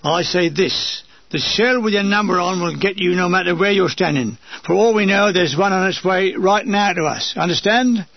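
A man's voice: high voice, moderate pace, gravelly, hardly any pauses, no echo, dull audio. A man voicing a grumbling short soldier who was a pastry cook, talking with exasperation. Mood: mocking. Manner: exasperated, complaining.

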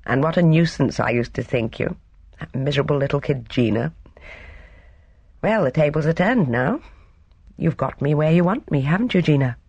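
A measured, gently teasing young man, as an audiobook narrator puts him on. The delivery stays level but the pitch moves a lot. The mic is dry and close. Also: lively intonation, breathy edge, no echo, dull audio. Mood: calm.

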